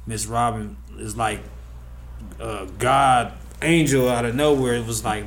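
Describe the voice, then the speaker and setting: A man's voice: mid-range voice, moderate pace. A young man talks casually as an interview guest, rambling through his memories in loose, slangy speech. Faint ambient noise sits behind him. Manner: relaxed and rambling, slangy, with frequent fillers.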